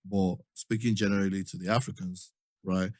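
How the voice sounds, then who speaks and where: A man's voice: deep voice, fairly even intonation, normal speed, darkish tone, dry recording, studio quality. A man with a Nigerian accent hosting a podcast, talking earnestly and often asking "do you understand?". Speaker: podcast host. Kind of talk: casual chat.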